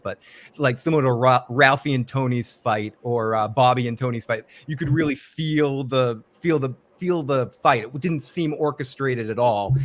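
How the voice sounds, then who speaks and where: A man chatting on a livestream in a relaxed, rambling way with many fillers. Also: medium pitch. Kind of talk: casual livestream chat.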